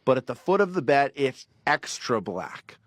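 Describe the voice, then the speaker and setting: In a mid-range voice at a moderate pace, a man spins out a long, rambling personal story on a podcast, using fillers and raising his voice animatedly for quoted lines. The audio has no echo.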